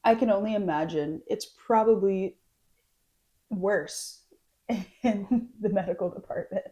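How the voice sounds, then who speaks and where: A young woman co-hosts a casual podcast in a warm, mellow voice at a middle pitch. She teases playfully, often repeats words as she searches for them, and laughs along. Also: unhurried. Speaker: podcast co-host, teacher. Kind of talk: casual chat.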